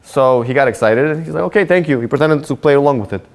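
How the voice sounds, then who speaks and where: A man, a rabbi, telling a story and drawing a life lesson from it in an animated way. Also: mid-range voice, quick pace. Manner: animated storyteller, repeats himself when excited. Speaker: rabbi teaching a Torah class. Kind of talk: storytelling sermon with a moral lesson.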